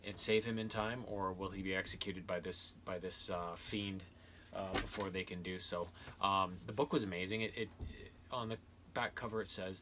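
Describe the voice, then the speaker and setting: A man's voice: low voice, bright, forceful tone, slight background noise. A man giving a casual spoken book review, rambling with many fillers and restarts. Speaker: video host reviewing books and games.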